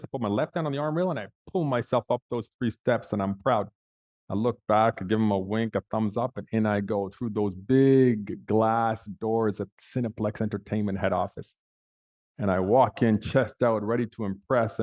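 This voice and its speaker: A middle-aged man giving a keynote speech, telling a personal story with dramatic pauses and acted-out quotes. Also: on the low side, a little mellow. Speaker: keynote speaker.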